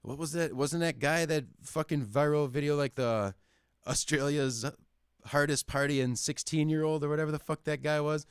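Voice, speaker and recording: A young man holds forth in loose, profane podcast chat, swearing constantly as he rants. His voice is smooth and resonant, recorded close and dry with no room sound around it. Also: on the high side, fairly even intonation, normal speed, dry recording. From Wisconsin, United States. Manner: profane, ranting, heavy swearing. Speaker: podcast host. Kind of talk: casual chat.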